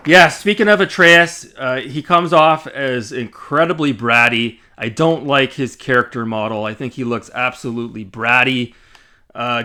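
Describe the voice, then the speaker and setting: A man's voice: a little high, bright, forceful tone. A man giving an opinionated, blunt spoken game review, with many fillers and restarts. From Canada.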